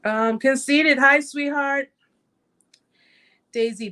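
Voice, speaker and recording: A woman's voice: medium pitch, moderate pace, a bit bright. A middle-aged woman hosting a live chat, telling her own story in an emphatic, repetitive way and often speaking straight to her viewers. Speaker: host of a survivor support live chat. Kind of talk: emotional live-stream storytelling.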